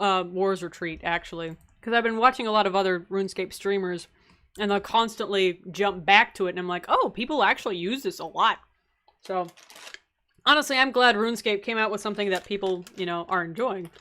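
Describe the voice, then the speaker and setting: A woman's voice: medium pitch, animated, fairly quick, bright, forceful tone. A young woman streaming a game, chatting casually and answering viewer questions with frequent laughs and rambling asides. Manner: chatty, giggly, laughs often between answers; rambling, with many fillers and asides. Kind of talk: casual live-stream chat.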